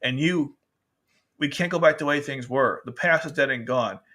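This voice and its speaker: A man's voice: mid-range voice, normal speed, bright, forceful tone. A man reading as a bitter masked rebel prince. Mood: angry.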